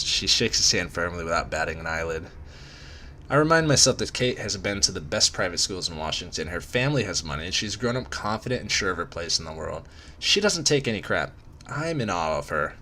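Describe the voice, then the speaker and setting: A man's voice: sits low, big pitch swings, a little fast, bright, forceful tone, a little hiss or hum. A man reading a parody romance story aloud, casual and self-mocking, with comic asides.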